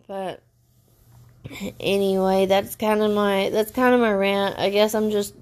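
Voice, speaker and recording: A woman venting in a personal vlog rant, upset and stressed, talking haltingly with many restarts. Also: medium pitch, little pitch movement, over music. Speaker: vlogger.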